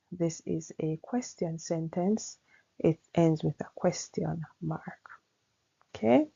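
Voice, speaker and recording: Slow, gravelly-voiced woman teaching grammar. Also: on the low side, warm tone, lo-fi sound. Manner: unhurried, explanatory, frequent "all right". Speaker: English teacher. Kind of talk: grammar lesson.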